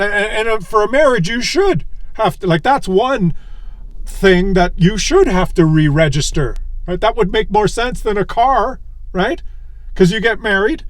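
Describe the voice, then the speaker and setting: A man tells a rambling, animated story from his parked car, chuckling as he digresses. His voice sits a bit high for a man. The sound is dry and close, with no room echo. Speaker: vlogger.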